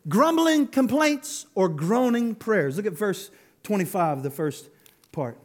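A man preaching a sermon as pastor, animated, laughing and acting out quotes as he goes. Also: high voice, takes it slowly.

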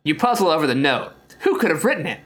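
A man's voice: fairly high pitch, sing-song, quick pace, a bit bright. Playful man reading a gamebook aloud. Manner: laughing often, playful. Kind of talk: casual comedic narration.

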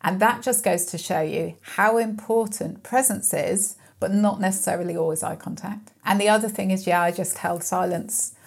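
A woman's voice: medium pitch, moderate pace, gravelly, few pauses, husky. A woman guest speaking in an earnest, reflective, storytelling way during a conversational interview. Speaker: mental health guest speaker.

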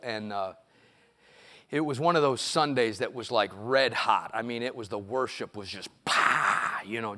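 Preacher guy in church, bright crisp voice, storytelling and working up to fired-up preaching. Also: fairly low pitch. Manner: storytelling, building to loud impassioned preaching. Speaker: pastor. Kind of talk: sermon. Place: church sanctuary.

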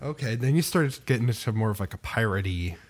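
A man's voice: lowish voice, lively intonation, fast. A man co-hosting a podcast in casual, joking chat, easygoing and self-deprecating with hesitant fillers. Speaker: podcast co-host.

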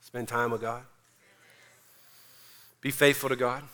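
A man pastor preaching a sermon, emphatic and energetic, mixing in casual slang. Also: mid-range voice, slow pace.

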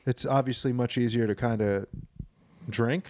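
A man's voice: mid-range voice, steady tone, moderate pace, a little mellow, dry recording. Young male podcast co-host, loose and profane, mid-range voice, dry close mic. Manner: loose, profane, rambling storyteller. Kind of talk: casual banter.

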